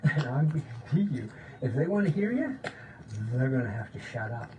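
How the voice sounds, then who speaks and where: A man giving an informal, excited spiritual talk, often checking in with "okay?" and sometimes dropping to a low voice to demonstrate. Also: moderate pace. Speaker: spiritual teacher. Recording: distant mic with faint background noise.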